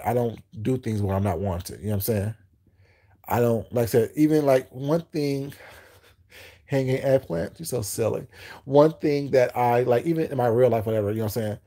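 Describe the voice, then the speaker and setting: A man's voice: medium pitch, mellow. A man hosting a livestream, chatting casually with his viewers in a rambling, repetitive way, often asking whether they know what he's saying. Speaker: livestream host.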